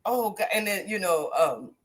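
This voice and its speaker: An actress appears as a podcast guest, trading stories in a casual interview, acting out quotes with animation and laughing a lot. Her voice is medium in pitch and moves at a moderate pace.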